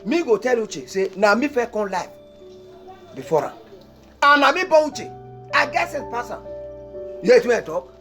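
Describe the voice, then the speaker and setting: An actor playing a loud, bossy father and husband in a Nollywood comedy, speaking with a Nigerian accent and breaking into shouts. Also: sits high, animated, brisk, faint music behind. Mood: boastful. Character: blustering proud father of a stubborn son.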